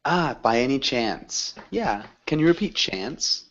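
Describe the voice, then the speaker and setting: A man teaching an English class, correcting students gently and praising them. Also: mid-range voice, lively intonation, slow, muffled recording.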